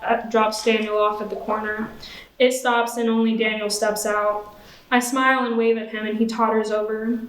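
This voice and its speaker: A young woman on stage reading an excerpt of her own fiction in a steady first-person voice. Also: on the high side, echoey room, poor audio. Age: young adult. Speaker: student reader. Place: stage at a live event.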